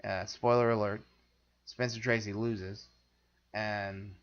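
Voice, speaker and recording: A man's voice: fairly low pitch, level tone, takes it slowly, muffled recording. Rambling, opinionated man in podcast chat. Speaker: film podcast host. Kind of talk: casual chat.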